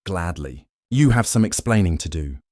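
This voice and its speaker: A proud, brooding male werewolf alpha, voiced by a man, growling out demands in a very low voice. It is recorded close and dry. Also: moderate pace, dark tone, no echo, close to an everyday voice. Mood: demanding.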